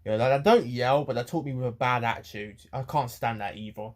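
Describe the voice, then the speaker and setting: An eighteen-year-old man rants to camera, rambling, with many pauses and restarts. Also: medium pitch. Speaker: vlogger. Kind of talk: ranting to camera.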